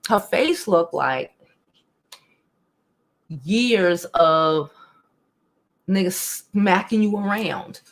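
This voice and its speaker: A young woman, hosting a casual live stream, talking bluntly and profanely, animated, and reading chat comments aloud. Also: mid-range voice, very slow, long pauses.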